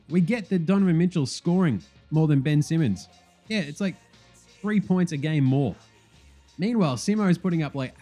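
Animated sweary man. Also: a little high. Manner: animated, profane, fast rambling. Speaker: podcast host. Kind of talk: casual sports chat.

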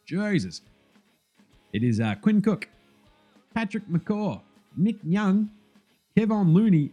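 A man hosting a casual basketball recap, sweary and jokey as he rattles off scores. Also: fairly high pitch. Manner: sweary, animated, jokey banter. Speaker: basketball podcast host.

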